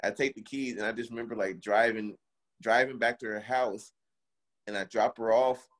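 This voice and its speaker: A man's voice: on the low side, steady tone, normal speed. A young man in casual chat, animatedly telling a story, swearing and acting out the quotes.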